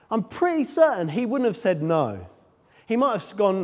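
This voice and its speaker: A man's voice: sits high, sing-song, fairly quick. Guy preaching, chatty with lots of ums, voice jumps all over, big echoey church hall. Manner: conversational, self-deprecating asides, frequent ums. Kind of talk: sermon. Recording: long reverb of a large hall.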